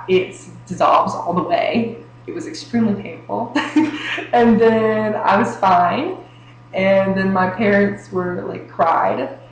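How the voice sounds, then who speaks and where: A woman's voice: medium pitch, creaky. Giggly teen girl in echoey room. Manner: giggly, fills every phrase with "like". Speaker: interviewee telling a personal story. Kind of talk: casual storytelling. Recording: echoey room with faint hum.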